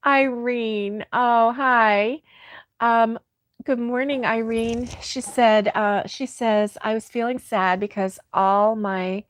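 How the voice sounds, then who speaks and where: A woman's voice: fairly high pitch, dry recording, clean studio sound. A woman hosting a casual crochet livestream, reading viewer comments aloud and laughing often. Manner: giggly, laughs often, soft-hearted.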